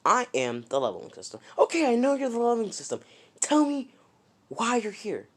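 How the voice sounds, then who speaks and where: A man voicing an earnest, quietly stubborn teenage boy hero in a spoken fan story, read in his own plain voice. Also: fairly low pitch, lively intonation, moderate pace, voice pushed down. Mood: impatient. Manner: plainly read, little change from narration.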